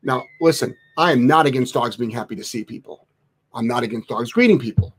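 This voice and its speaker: A man who trains dogs, answering live chat questions bluntly, swearing freely and mocking soft owners in a sing-song voice. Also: mid-range voice, a little fast, slightly rough. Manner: blunt, profane, animated, mocks in a sing-song voice. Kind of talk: casual live Q&A.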